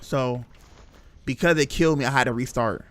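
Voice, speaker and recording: A man's voice: mid-range voice, moderate pace, fairly bright tone. A young man streaming a horror game, reacting casually with slang and talking to his chat. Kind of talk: live gameplay commentary.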